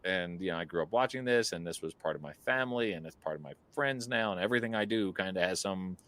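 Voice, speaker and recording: A man with a somewhat low voice tells an animated story to his podcast co-host, peppering it with fillers and little laughs. The sound is dry and close, with no room echo. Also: fast, few pauses. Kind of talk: casual storytelling chat.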